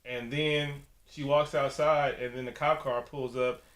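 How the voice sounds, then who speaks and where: A man chats loosely on a podcast, retelling a movie's scenes and throwing himself into every character's voice. His tone is bright and forceful, and the room around him rings with echo. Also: medium pitch, a little slow. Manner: animated, acts out characters' lines. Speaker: podcast co-host. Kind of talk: casual movie review chat.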